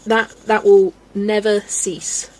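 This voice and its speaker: A woman's voice: mid-range voice, level tone, takes it slowly, a little mellow, a little hiss or hum, low-quality recording. A woman, chatting casually on a colouring livestream, laughing often and ranting playfully. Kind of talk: casual live-stream chat while colouring.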